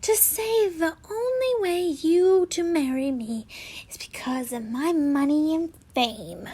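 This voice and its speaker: A woman's voice: sits high, expressive, takes it slowly, a little mellow, in a whisper, pitched above the performer's own voice. A woman voicing a hotheaded young man in a fanfiction reading, seething and snarling his lines. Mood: furious.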